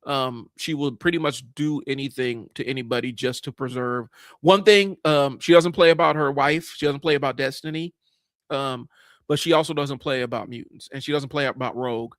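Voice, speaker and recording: A man's voice: mid-range voice, moderate pace, a bit bright, dry recording. A man in his forties hosting a livestream, talking casually and bluntly about comics, rambling with many fillers and restarts. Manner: blunt, casual, swears at times. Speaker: livestream host. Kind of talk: casual comic book commentary.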